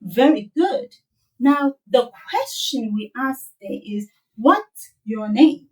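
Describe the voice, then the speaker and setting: A woman teaching a children's language lesson, modeling words slowly and playfully with laughs. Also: sits high, big pitch swings, recorded from a distance, low-quality recording. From South Africa.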